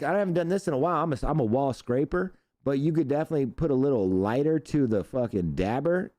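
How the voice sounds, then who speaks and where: Man, live-stream host, profane casual chat, slightly high voice, dry sound. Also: dry recording. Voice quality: loose, profane, animated. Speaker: show host.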